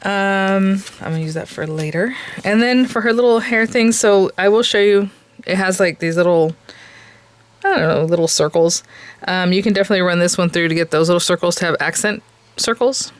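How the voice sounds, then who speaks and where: A woman hosts a casual papercraft tutorial in a friendly, rambling way. She thinks aloud as she works, filling pauses with ums and laughing at herself. Her voice sits at a middle pitch. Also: clear, resonant tone, dry recording. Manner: chatty and self-amused, laughs at herself often; thinks aloud with many fillers. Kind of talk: casual craft tutorial chat.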